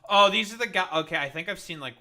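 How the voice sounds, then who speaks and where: A man's voice: high voice, fast talker, sharp tone. A male streamer doing casual commentary in profane, rambling rants full of fillers.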